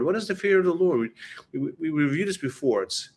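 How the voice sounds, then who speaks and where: A man's voice: fairly high pitch, lively intonation, slightly rough. Man giving a casual sermon talk. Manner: conversational, many restarts, reads scripture slowly. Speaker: preacher and teacher.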